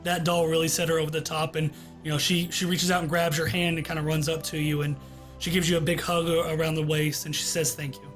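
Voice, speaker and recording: A man acting as game master, narrating a tabletop game in a relaxed, descriptive way over a voice call. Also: a little high, fast talker, faint music behind. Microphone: online voice call.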